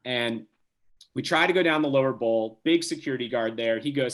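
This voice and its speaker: A young man from New Jersey, a podcast guest telling a casual story with lively, quick restarts. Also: mid-range voice. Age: young adult.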